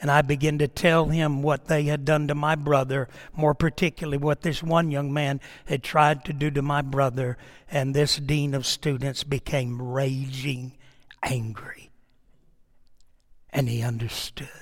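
A man's voice: a little high, flat delivery, normal speed, long reverb tail. A middle-aged man, a pastor telling a story in a sermon with emphatic, dramatic delivery.

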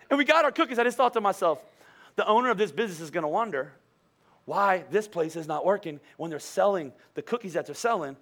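A man's voice: high voice, fast talker, a bit bright. A pastor giving a casual, conversational sermon, joking, laughing often and repeating words as he talks.

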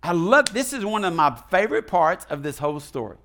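Male pastor, fairly high voice, folksy and animated sermon delivery, questions tossed to the pews. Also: a little fast, vocal fry. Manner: animated, asks the congregation questions and leads call and response; folksy, retells the story in his own casual words.

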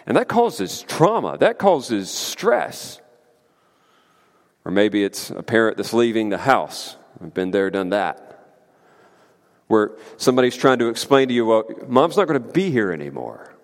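A man preaching a sermon as pastor, emphatic and conversational, with lively asides to the congregation. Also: lowish voice, unhurried, long pauses. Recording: long hall reverb.

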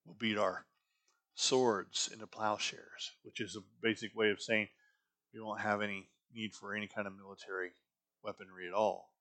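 Pastor preaching in a conversational way. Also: male voice, lowish voice, flat delivery, moderate pace, fairly bright tone. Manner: conversational, asks rhetorical questions. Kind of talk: sermon.

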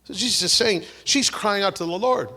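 A man preaching a sermon, swinging between loud exhortation and hushed, whispered prayer, acting out the voices he quotes. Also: sits high, fairly quick. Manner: acts out quoted voices, repeats words and restarts.

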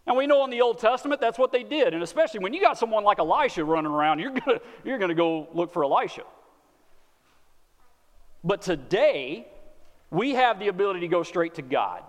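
A man with a Texan accent preaching a sermon in a folksy, earnest way, often repeating words as he speaks. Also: high-pitched. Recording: long hall reverb.

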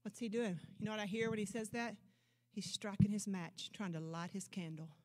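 A woman pastor preaching a sermon with emphatic declarations and rhetorical questions, swinging from loud proclamations to low, intense asides. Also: fairly quick. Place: church service.

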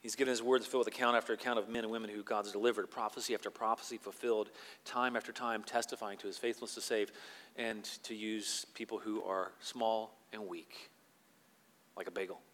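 A man preaching a sermon as pastor, moving between quiet, slow reflection and loud, emphatic scripture reading. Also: lowish voice, flat delivery, in a large hall.

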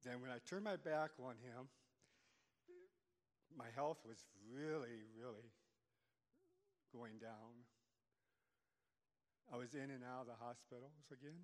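Older man, slow halting church testimony, long hall echo. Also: medium pitch. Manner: halting, with many restarts. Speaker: church member giving testimony. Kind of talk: personal testimony.

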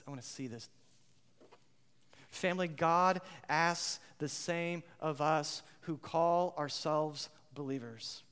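A man preaching a sermon as pastor, impassioned, swinging between loud outbursts and hushed moments. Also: a little high, clean tone. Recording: long reverb of a large hall.

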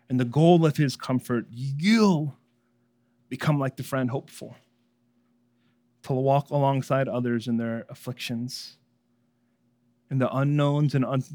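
A man preaching a sermon, emphatic and rhythmic, building lists of phrases and swinging from loud, high passages to hushed ones.

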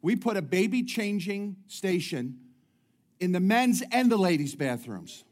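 Here the middle-aged pastor's high voice swings widely in pitch, unhurried and a little mellow. His preaching stays chatty, with humorous asides and many restarts.

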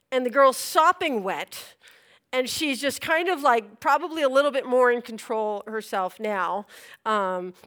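A woman giving a testimony sermon as a church leader, telling her story in an animated way, acting out scenes and laughing between lines. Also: mid-range voice.

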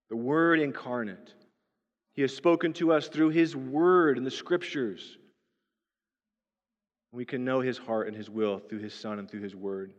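A man's voice: medium pitch, unhurried, pauses often. A male pastor preaching a sermon in a conversational way, often checking in with "right?". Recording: dull lo-fi sound with long hall reverb.

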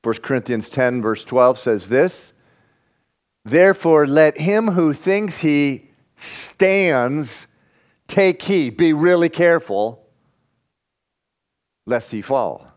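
A man preaching a sermon, reading scripture and swinging between loud emphatic bursts and quiet, intense asides. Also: on the high side, expressive, slow, pauses often. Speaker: pastor.

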